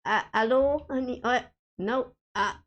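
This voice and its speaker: A woman's voice: on the high side, measured pace, highs cut off. A woman streaming a co-op game with friends, chatting casually and hesitantly with lots of fillers and frequent giggles.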